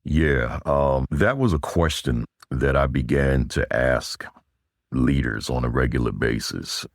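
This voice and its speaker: A man with an extremely deep, low voice answers interview questions, leaning hard on key words so his pitch climbs when he stresses them. The sound is dry and close, with no room around it. He sounds middle-aged and practiced at speaking to audiences. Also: slow, creaky, no echo. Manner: emphatic, rising on key words. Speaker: guest, school leadership speaker.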